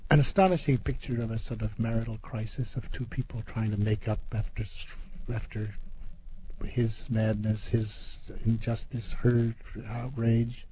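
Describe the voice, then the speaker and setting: Man, mid pitch, warm mellow tone, halting explainer who reads verse slowly; faint room ambience behind. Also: steady tone, a little hiss or hum, low-quality recording. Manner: halting, repeats words when explaining. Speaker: poet and guest discussing poetry. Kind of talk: poetry reading and discussion.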